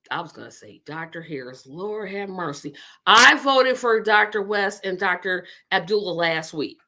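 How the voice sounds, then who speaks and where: Bright-voiced woman chatting on a livestream. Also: medium pitch. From Indiana. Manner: rambling, talks to viewers while multitasking. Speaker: livestream host. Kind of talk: casual political livestream chat.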